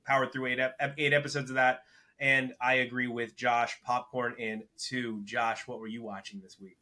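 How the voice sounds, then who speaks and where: An easygoing man reviews shows as a podcast co-host, talking them through in a relaxed, conversational way. His voice sits in a middle pitch with a bright edge. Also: moderate pace. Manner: easygoing, gives ratings. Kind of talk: casual review chat.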